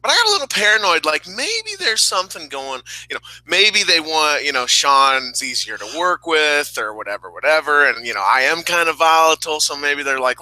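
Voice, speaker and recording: A man's voice: on the high side, big pitch swings, brisk, hardly any pauses, pushed and bright, dry recording, low-quality recording. A man co-hosting a casual wrestling review podcast, rambling and candid, sometimes emotional. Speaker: podcast co-host.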